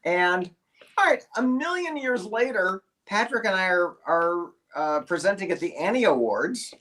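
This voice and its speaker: Animated male voice actor telling a story. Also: high voice, a little slow. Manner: animated storyteller, stammering restarts, acts out quotes. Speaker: voice actor guest. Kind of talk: casual anecdote on a group video call. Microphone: video call.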